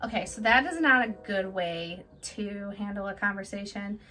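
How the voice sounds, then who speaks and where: A woman's voice: medium pitch, moderate pace, noisy background. A woman, a small business owner, giving direct, chatty tips in a casual how-to vlog. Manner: direct, chatty, plain-spoken.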